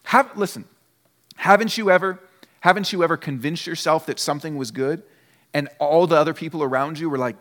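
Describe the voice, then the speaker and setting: High-voiced man preaching in an echoing hall. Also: brisk, fairly bright tone. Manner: earnest, emphatic preaching with repetition. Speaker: pastor. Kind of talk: sermon.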